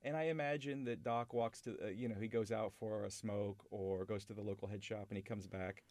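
A man with a lowish voice hosts a casual film chat, rambling and enthusiastic and often restarting his sentences. The sound is dry and close, with no room around it. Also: steady tone, a little fast, darkish tone, no room sound. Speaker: podcast host.

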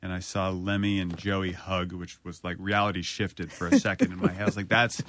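A man's voice: sits low, little pitch movement, brisk, a little hiss or hum. A man hosting a casual podcast chat, telling self-mocking stories and quoting himself.

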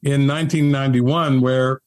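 A middle-aged man, a spiritual teacher being interviewed, telling his story in a gentle, articulate way. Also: mid-range voice, fairly even intonation, moderate pace, no room sound.

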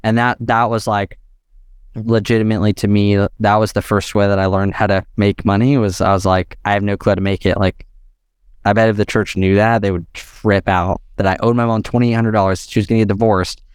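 A young adult man telling a long personal story as a podcast guest, animated and quick, peppered with "like" and "literally". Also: on the low side, clear, resonant tone, dry recording, studio quality. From United States. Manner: animated, fast-talking, heavy use of "like" and "literally".

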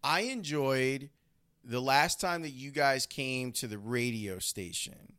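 A man's voice: medium pitch, takes it slowly, pushed and bright, clear, resonant tone. A man interviewing his mother, teasing her with affection as the host. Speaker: radio host, son of the guest. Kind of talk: casual family interview.

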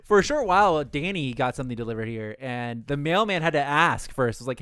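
A man's voice: a little high, expressive, brisk, fairly bright tone, clear, resonant tone, no room sound, clean studio sound. A young man co-hosting a podcast in casual chat, rambling through a story, swearing freely and acting out what people said. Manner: rambling storyteller, swears a lot, acts out dialogue. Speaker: podcast co-host.

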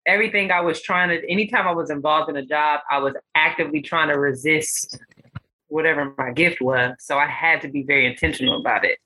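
A woman guest on a casual podcast, telling animated stories and acting out the voices in them. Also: low-pitched, a little fast, husky, low-quality recording. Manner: animated storyteller, acts out voices in her stories. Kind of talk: casual podcast chat, storytelling.

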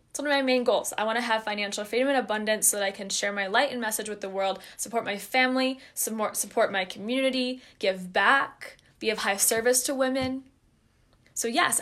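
Young adult female host, slightly high pitch, heartfelt solo podcast delivery, open and encouraging. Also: fairly bright tone. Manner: earnest, open and encouraging, addresses listeners directly. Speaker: podcast host and wellness coach.

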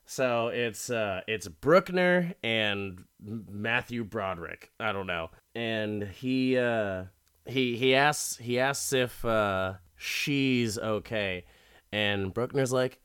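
A young man casually recapping a TV episode, rambling and profane, jumping into quick character impressions. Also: lowish voice, a bit bright, clear, resonant tone.

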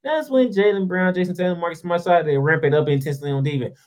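A man's voice: high-pitched, quick pace, a little mellow, low-quality recording. A man hosting a sports show, delivering a heated, sarcastic basketball rant full of rhetorical questions in informal, slangy speech.

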